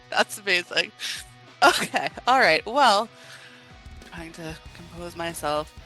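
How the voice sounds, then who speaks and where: A woman's voice: lowish voice, slow pace, soft background music, poor audio. A woman co-hosting a horror movie podcast, chatting casually and laughing often as she retells scenes. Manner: giggly, animated storytelling with acted quotes. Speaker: podcast co-host. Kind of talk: casual chat.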